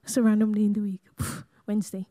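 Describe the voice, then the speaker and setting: A young Nigerian woman giving a lively testimony talk, laughing often and acting out conversations as she speaks to the audience. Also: mid-range voice, fast talker. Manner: animated storyteller, laughs often, acts out dialogue, talks to the crowd as "guys". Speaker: guest speaker sharing a testimony. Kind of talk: sermon-style personal testimony.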